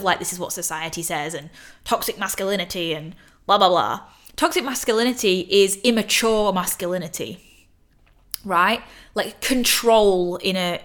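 Young woman, podcast host, casual solo talk, earnest, emphatic, swears casually, mid pitch. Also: a bit bright.

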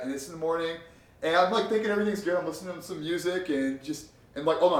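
Fast-talking, swearing young man in a roomy room. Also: a little high. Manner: profane, animated storytelling. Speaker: podcast co-host. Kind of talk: casual chat. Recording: roomy sound, distant from mic.

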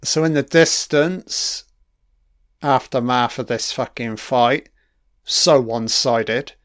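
A man's voice: medium pitch, slow pace, a bit bright, no echo, studio quality. A man giving a crude, mocking running commentary on a film, swearing heavily as he reacts.

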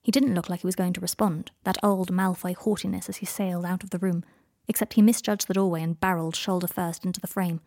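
A woman narrating fan fiction as an audiobook, with measured, unhurried phrasing. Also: lowish voice, fairly even intonation, mellow, dry recording, clean studio sound.

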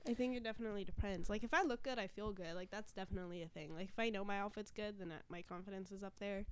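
A young woman co-hosting a casual podcast, chatting quickly and peppering her talk with "like". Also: mid-range voice, steady tone, a little hiss or hum. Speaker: podcast co-host. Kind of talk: casual chat.

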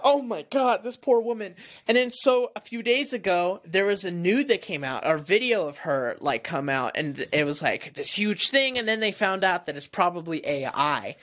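A podcast co-host telling gossip in casual, animated chat. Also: medium pitch, normal speed.

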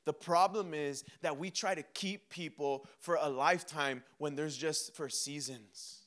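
High, bright-voiced animated preacher man. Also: measured pace. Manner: animated, acts out quotes of himself and God; mixes laughter and humor into preaching. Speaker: pastor. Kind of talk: sermon.

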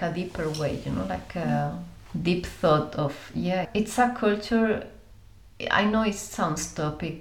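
A woman, telling stories as an interview guest in a lively way, acting out voices and using many fillers. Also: lowish voice, echoey room. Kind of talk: conversational storytelling.

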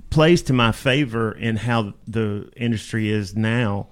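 A man's voice: lowish voice, unhurried. A man, a rock vocalist as guest, telling stories bluntly and with plenty of cussing in a casual interview. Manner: blunt, profane, rambling.

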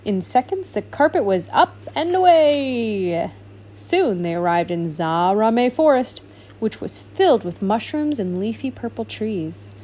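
A woman reading a children's storybook aloud with animated, expressive narration. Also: a little high, measured pace. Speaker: storybook reader.

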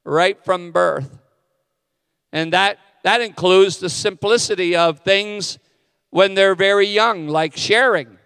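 A middle-aged male pastor delivers a sermon, breaking off into candid, self-mocking asides. His voice sits a little high and comes through smooth. Long reverb trails after each phrase, as in a hall. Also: a little slow, fairly bright tone, studio quality.

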